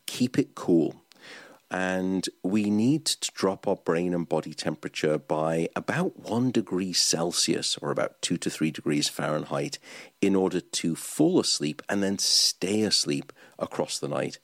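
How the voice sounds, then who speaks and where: A man, a sleep expert, giving calm, instructive advice. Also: deep voice, a little slow, no room sound, clean studio sound. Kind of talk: explanatory advice talk.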